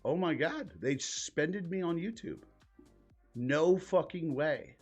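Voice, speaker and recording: A man's voice: on the high side, expressive, slow pace, a little mellow, husky, faint music behind. A man hosting a live reaction stream, talking casually in a blunt, profane and incredulous way.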